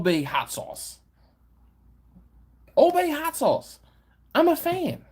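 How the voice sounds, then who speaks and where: A man's voice: very high voice, wildly swooping pitch, takes it slowly, a little mellow. A man hosting a barbecue live stream, casually reading viewer comments with playful, slangy banter. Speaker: barbecue channel host.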